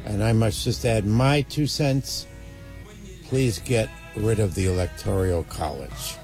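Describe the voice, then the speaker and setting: A man's voice: on the low side, slow, over music. A man co-hosting a radio show in a studio, adding dry quips to the banter. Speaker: radio co-host.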